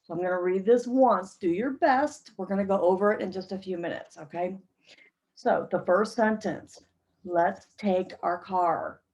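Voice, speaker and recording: A woman's voice: medium pitch, normal speed, darkish tone, rough recording. A woman teaching an English pronunciation lesson to a class, carefully modeling short sentences for learners to repeat.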